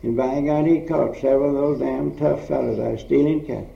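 A man's voice: medium pitch, fairly even intonation, a little fast, vocal fry, warm tone. An older man telling blunt, rambling stories from his past in casual chat, swearing freely. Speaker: storyteller recalling old times. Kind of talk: casual oral history storytelling. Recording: roomy, dull old tape recording.

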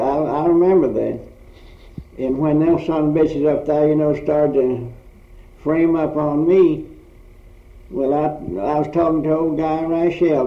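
An older man telling blunt, rambling stories from his past in casual chat, swearing freely. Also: on the high side. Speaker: storyteller recalling old times. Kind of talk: casual oral history storytelling. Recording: roomy, dull old tape recording.

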